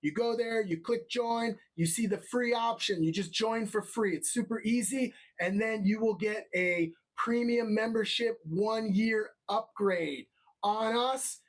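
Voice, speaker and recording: At a measured pace, a man hosting a live show rambles loosely, keeps checking in with his audience, and slips into an upbeat promotional pitch.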